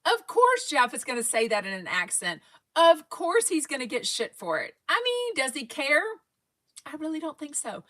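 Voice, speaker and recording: A woman's voice: high voice, pushed and bright. A woman with a Texan accent hosting a casual fan livestream, rambling and reading viewers' comments aloud. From Texas. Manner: chatty, rambling, reads live comments aloud. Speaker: fan podcast host.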